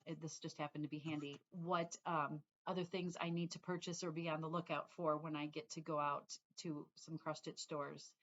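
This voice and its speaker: A middle-aged woman with a fairly low voice chats to her viewers in a loose, rambling way. She often trails off and starts her sentences over. The sound is a little dull and lo-fi, as from a home setup. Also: little pitch movement, normal speed, few pauses, a bit bright. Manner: rambling, chatty, trails off and restarts. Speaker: cross-stitch vlogger. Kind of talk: casual chat to viewers.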